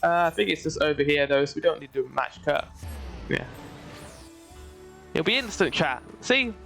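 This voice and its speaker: A woman streamer chats playfully through a game, her voice bouncing up and down in lively, animated swings. Her asides are excitable and quick to react. Quiet game music runs underneath. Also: deep voice. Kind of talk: let's-play commentary.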